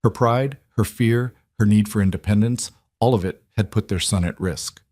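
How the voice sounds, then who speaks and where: Man narrator, measured story read, lowish voice, dead-dry booth sound. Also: darkish tone, no room sound.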